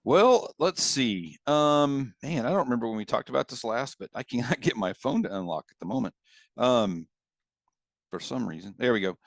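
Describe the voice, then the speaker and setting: A man's voice: mid-range voice, lively intonation, moderate pace, vocal fry, no echo. A man co-hosting a podcast, rambling through casual stories and laughing as he tells them, on a video call. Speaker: podcast co-host. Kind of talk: casual chat.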